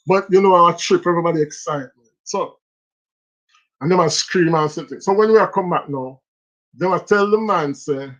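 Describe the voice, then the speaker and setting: A host with a Jamaican accent telling funny stories in a casual live stream, animated and laughing often. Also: mid-range voice, a little fast, muffled recording. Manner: animated, laughs often between lines, speaks Jamaican Patois.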